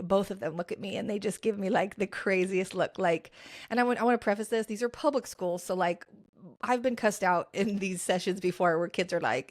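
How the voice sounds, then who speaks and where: A young woman at a mid pitch tells a personal story on her podcast. She talks in a chatty, lively way, full of fillers, and acts out the people she quotes in their own voices. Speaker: podcast host.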